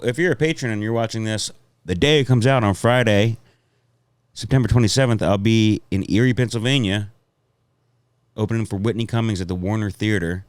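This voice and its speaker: A man with a clean, mid-range voice, recorded dry, appears as a comedian guest on a casual podcast. He tells rambling, swear-filled stories and laughs frequently throughout.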